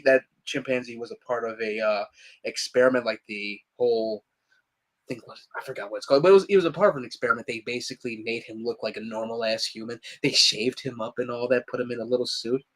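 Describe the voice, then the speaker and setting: A man's voice: medium pitch, quick pace, a bit bright, low-quality recording. A man co-hosting a live podcast, chatting casually and laughing often. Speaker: podcast co-host. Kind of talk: casual chat.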